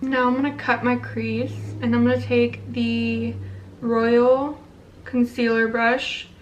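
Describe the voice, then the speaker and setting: A woman's voice: fairly high pitch, little pitch movement, slow, far from the mic, highs cut off, slight background noise. A young woman, pregnant, talking casually through a makeup tutorial and a rant, blunt and profane. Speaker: beauty vlogger.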